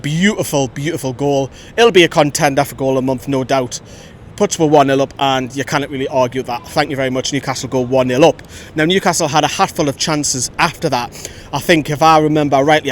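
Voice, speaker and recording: Fan-channel host, slightly high voice, opinionated chat outdoors with faint traffic behind. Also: male voice. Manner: chatty, opinionated, lively storytelling. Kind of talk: outdoor post-match fan reaction. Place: outdoors by a road after a match. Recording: faint traffic rumble outside.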